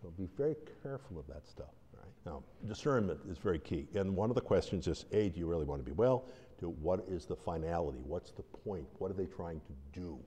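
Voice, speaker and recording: A man's voice: deep voice, lively intonation, fairly quick, dark tone, breathy edge. A man from Buffalo, New York teaching about deliverance ministry in an informal, rambling way, telling stories and acting out the quotes. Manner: rambling storyteller, acts out quotes with laughs. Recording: long hall reverb.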